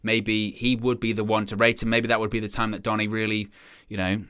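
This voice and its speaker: A man's voice: fairly low pitch, flat delivery, fairly quick, fairly bright tone, smooth. A man hosting a football fan stream, chatting casually and rambling, reading viewer comments and acting out imagined fans. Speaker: fan channel host.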